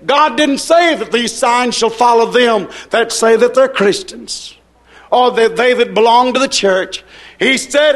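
A man preaching a sermon in an emphatic, repetitive cadence, breaking into shouts. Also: extremely high pitch, expressive, a little slow.

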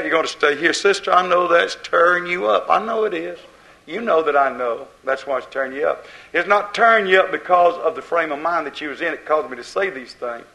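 A man preaching an impassioned sermon as pastor, rising and falling in loudness as he drives his points home. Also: a little high, brisk, vocal fry, low-quality recording.

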